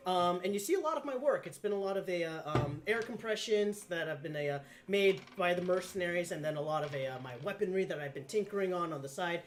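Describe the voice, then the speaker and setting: A man's voice: high-pitched, expressive, a little fast, hardly any pauses, slight background noise. Hesitant man describing his scene. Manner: hesitant, full of fillers. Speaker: player. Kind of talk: casual tabletop role-play.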